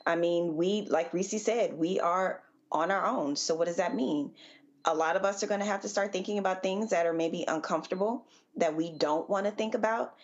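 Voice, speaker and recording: A woman panelist who speaks earnestly and deliberately, with emphatic stress on key points. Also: fairly low pitch. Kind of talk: live panel commentary. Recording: dull lo-fi remote audio.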